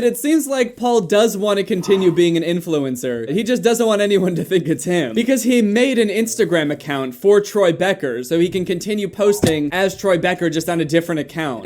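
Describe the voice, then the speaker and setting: High-voiced sarcastic male commentator. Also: darkish tone, a little hiss or hum. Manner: sarcastic, dry jokey asides. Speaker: commentary YouTuber. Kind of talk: casual commentary.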